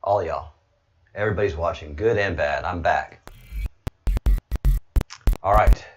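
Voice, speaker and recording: A man talking casually on his livestream, rambling and now and then breaking into loud, excited bursts. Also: low-pitched, measured pace, music in the background. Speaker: livestreamer, political commentator.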